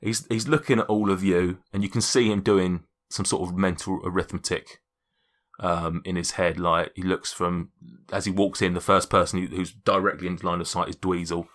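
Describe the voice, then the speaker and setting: A man's voice: low-pitched, level tone, normal speed, fairly bright tone. A man narrating a tabletop game as game master, rambling casually with many restarts.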